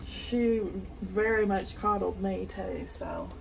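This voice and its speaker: Southern woman sewing vlogger, mid-pitched, chatty storyteller, faint noise. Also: slow, vocal fry. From Arkansas. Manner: chatty, meandering, soft-spoken asides. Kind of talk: casual storytelling while sewing. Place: home sewing room.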